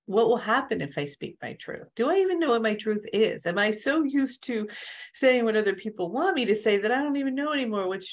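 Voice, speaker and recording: A woman spiritual coach talking casually to a group on an online call, telling stories with many asides. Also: mid-range voice. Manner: conversational, storytelling with many asides.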